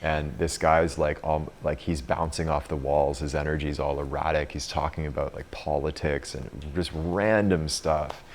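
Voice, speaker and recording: A man's voice: extremely low pitch, steady tone, moderate pace, hardly any pauses, slight background noise. A man in his thirties leading a retreat group, telling a story in a chatty way and laughing often. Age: 30s. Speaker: retreat leader and coach.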